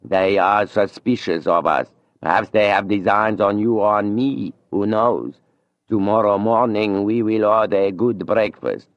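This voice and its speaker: A man voicing a flamboyant male Italian opera singer, with a slow, theatrical, drawn-out delivery. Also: lowish voice, steady tone, dry recording, dull audio. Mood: scheming.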